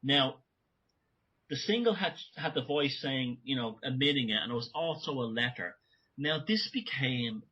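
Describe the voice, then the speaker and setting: In a remote conversational interview, a male guest rambles in long runs, constantly restarting and correcting himself. His mid-range voice is bright, forceful and slightly rough, and the recording sounds lo-fi.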